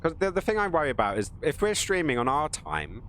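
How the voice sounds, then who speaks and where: A man's voice: a little high, wildly swooping pitch, fairly quick, fairly bright tone, slight background noise. A man giving casual, rambling live-stream commentary while playing a game, joking with his viewers. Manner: rambling, jokey, chatting to viewers.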